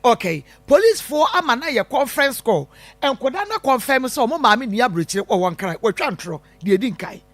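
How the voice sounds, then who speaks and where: A woman's voice: fairly high pitch, sing-song, brisk, dry recording. A woman hosting a call-in radio show, questioning a caller and recapping his story.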